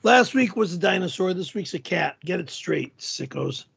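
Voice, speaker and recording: A middle-aged man hosting a livestream, shouting and cursing in an explosive, profane rant. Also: high-pitched, lively intonation, moderate pace, vocal fry, muffled recording, noisy background. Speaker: show host.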